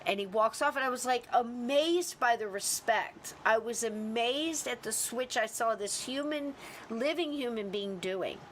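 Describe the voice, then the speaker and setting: A woman's voice: fairly high pitch, measured pace, slight background noise. A woman hosting a podcast, telling a story in casual chat and acting out the people she quotes. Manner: animated, acts out quoted people. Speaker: podcast host.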